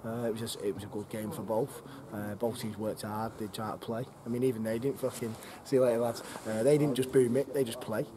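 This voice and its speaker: A man's voice: on the low side, level tone, fairly quick, hardly any pauses, a crowd in the background. A man, a football club manager giving a frank, rambling post-match interview outdoors on a freezing night, swearing casually. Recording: noisy outdoor ambience.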